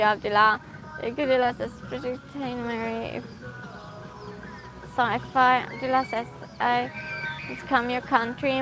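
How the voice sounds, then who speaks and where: A woman's voice: on the high side, pushed and bright, poor audio. A woman, chatting casually and giggling as she reads out live comments while walking outdoors at night. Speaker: livestreamer. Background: music from a passing car.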